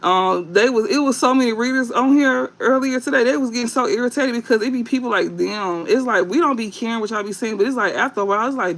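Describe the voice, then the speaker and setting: High, gravelly-voiced man ranting profanely. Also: fairly bright tone. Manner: profane, blunt, scolding; drawn-out fillers and repeated phrases. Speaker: online tarot reader. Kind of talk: late-night livestream rant.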